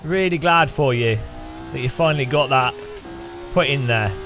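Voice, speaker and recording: A man's voice: medium pitch, normal speed, over music. A man streaming a racing game, chatting casually and teasing his viewers with jokes. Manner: teasing, joking, chatty with restarts. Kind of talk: casual gameplay commentary.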